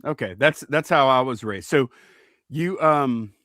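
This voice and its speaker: A man's voice: mid-range voice, fairly bright tone, no room sound. Man, podcast host, casual, stumbling restarts, dry close sound. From Southern Louisiana. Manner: halting, stumbles and repeats words.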